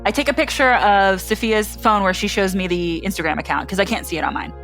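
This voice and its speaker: A woman's voice: medium pitch, fast talker, fairly bright tone, soft background music. A young adult woman candidly telling her own story in a chatty way, full of fillers, acting out what people said. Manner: chatty, many "like" fillers, acts out quotes.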